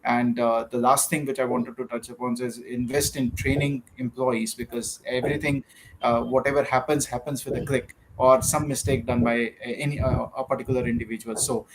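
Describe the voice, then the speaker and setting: A man's voice: mid-range voice, level tone, a little fast, a little hiss or hum, poor audio. A man, speaking as a panelist, hesitant and full of "uh"s. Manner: hesitant, many "uh" fillers. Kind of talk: panel discussion.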